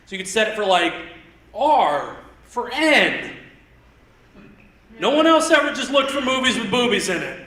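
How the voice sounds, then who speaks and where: A man in his thirties doing live stand-up comedy on a theater stage, rambling and self-deprecating with quick asides. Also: very high voice, very animated, bright, forceful tone. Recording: roomy theater sound, mic heard from a distance.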